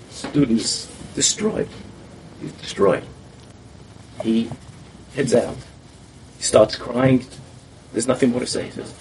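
A man in a conversation telling a story with lively delivery, acting out the people he quotes. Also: mid-range voice, measured pace, creaky, long pauses. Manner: animated storyteller who acts out quotes. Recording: distant mic with faint background noise.

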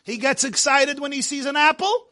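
A man teaching a Torah class, animated and joking, mixing Yiddish and Hebrew words into his English while telling stories. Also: very high voice, normal speed. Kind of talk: lecture with storytelling.

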